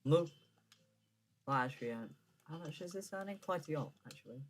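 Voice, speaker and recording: A gaming streamer talks through his game in a loose, rambling way. His voice sits a little high for a man. He trips over words and backtracks often as he thinks aloud. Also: expressive, moderate pace. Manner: rambling, self-correcting, stammers when flustered. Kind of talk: casual gameplay commentary.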